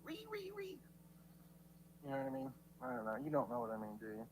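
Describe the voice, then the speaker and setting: A man's voice: medium pitch, steady tone, very fast, a little hiss or hum, rough recording. A man ranting in a rambling way, stammering through restarts and swearing heavily while he philosophizes at his viewers. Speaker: livestreamer in played clips. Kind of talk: rambling profane rant.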